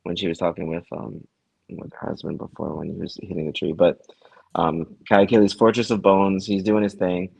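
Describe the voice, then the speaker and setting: Husky low-voiced man, dry close sound. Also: little pitch movement, normal speed, a little mellow, dry recording, low-quality recording. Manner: laid-back, slangy, laughs often. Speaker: podcast co-host. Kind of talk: casual TV recap chat.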